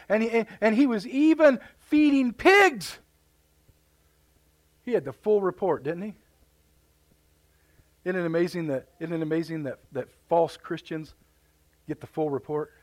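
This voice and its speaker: A man preaching a live sermon in a church, fervent and repeating words as he builds his points. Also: high voice. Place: church sanctuary.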